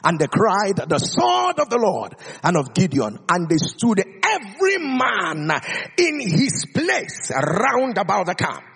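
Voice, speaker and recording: A man preaching a sermon, reading scripture aloud in a dramatic, declamatory way that swings high and low. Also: wildly swooping pitch, takes it slowly, creaky, a bit bright, breathy edge, big-room sound.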